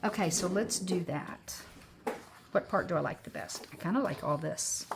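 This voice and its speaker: A woman's voice: on the low side, moderate pace, creaky, noisy background. A woman of sixty chatting casually as she crafts at home, rambling and upbeat. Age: 60s. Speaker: crafting vlogger.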